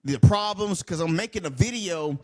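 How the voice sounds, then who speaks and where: A man ranting in a wrestling commentary video, heated and full of swearing. He rambles and repeats himself. His voice sits high and swings up and down a lot. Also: lively intonation, moderate pace, a little mellow. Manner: heated, profane, rambling and repetitive.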